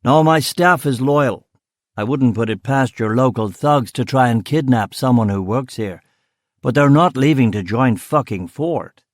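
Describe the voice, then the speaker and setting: A man doing a brash, shouting car boss. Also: medium pitch, dry recording, studio quality, natural voice. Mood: boastful. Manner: loud, emphatic, quick to anger. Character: brash, boastful male car company boss.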